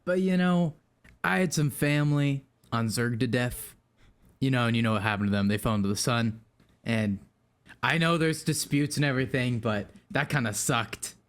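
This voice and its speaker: A blunt, rambling alien king, voiced by a man in a tabletop game. He talks casually, full of hesitations, at an ordinary middle pitch. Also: moderate pace, clear, resonant tone, natural voice. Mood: grudging.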